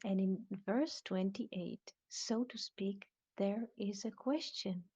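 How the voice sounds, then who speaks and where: Slow, mellow woman teaching Hebrew. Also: mid-range voice, husky. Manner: slow, deliberate, questioning students. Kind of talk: live online Bible lesson. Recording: dull lo-fi online audio room.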